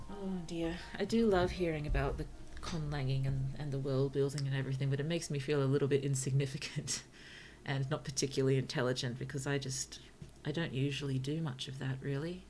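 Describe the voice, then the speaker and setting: A woman's voice: extremely low pitch, a little mellow. A woman with an Australian accent chatting casually on a livestream, musing aloud and laughing often. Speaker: streamer and writer.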